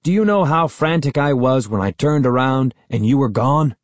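A man's voice: medium pitch, expressive, moderate pace, no room sound, natural voice. A man voicing an angry, worried middle-aged uncle who scolds through gritted teeth. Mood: stern.

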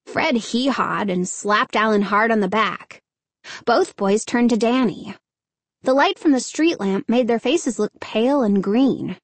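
A woman narrating a children's novel in a measured storytelling delivery. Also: on the high side, dry recording. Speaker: audiobook narrator. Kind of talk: scripted narration.

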